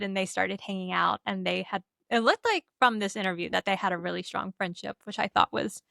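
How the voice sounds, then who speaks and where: Young female podcast co-host, bubbly casual talker with a bright voice. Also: medium pitch, normal speed, vocal fry, hardly any pauses, no echo, clean studio sound. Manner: chatty, bubbly, full of "like" and "um". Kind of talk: casual chat.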